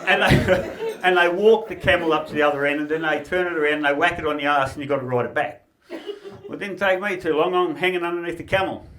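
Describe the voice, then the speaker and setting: A man's voice: a little high, quick pace, background noise. An Australian man doing a stand-up comedy routine, reeling off puns and laughing at his own jokes.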